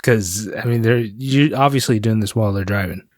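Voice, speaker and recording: A man's voice: on the low side, fairly quick, no echo, clean studio sound. A man co-hosting a casual podcast, joking and playful. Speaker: podcast co-host.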